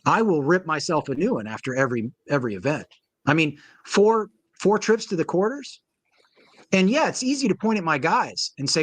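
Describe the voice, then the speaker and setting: Male coach guest, fairly high voice, dry close sound, lively storyteller. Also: normal speed, dry recording. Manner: animated storyteller, acts out quoted voices. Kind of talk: casual interview talk.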